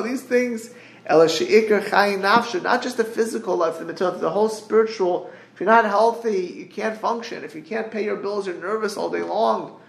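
A man giving a Torah class over a group call, earnest and halting, quoting Hebrew verses and translating them. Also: high voice, gravelly, reverberant. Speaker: Torah teacher. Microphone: group call line.

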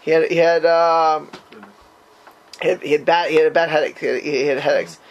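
Man leading a Torah class, high-pitched, animated, faint hiss behind, Hebrew terms in his English. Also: a little fast, poor audio. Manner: animated, rising to high emphatic questions. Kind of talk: informal Talmud class with students.

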